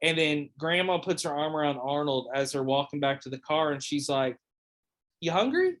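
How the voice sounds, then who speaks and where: A man's voice: a little high, level tone, fairly quick, a bit bright. A young man chatting casually on a podcast, rambling with lots of fillers and swearing. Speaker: podcast host or guest. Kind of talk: casual chat.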